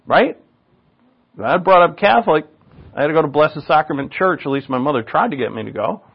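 A man's voice: a little high, expressive, fairly quick, creaky, husky. An older man, a pastor, preaching a loose, conversational sermon full of asides and restarts. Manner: casual, rambling, with asides and restarts. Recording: dull lo-fi recording.

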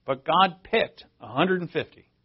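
A man's voice: on the high side, expressive, measured pace, slightly rough. A man preaching a sermon, talking conversationally and reading scripture aloud, with emphatic bursts. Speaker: pastor. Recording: dull lo-fi sermon recording.

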